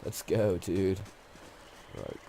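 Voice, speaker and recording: A man's voice: low-pitched, steady tone, very slow, vocal fry, mellow, a little hiss or hum. Nasal man with a cold, gaming. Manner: casual and profane, mutters to himself. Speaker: let's play gamer. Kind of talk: casual gameplay commentary.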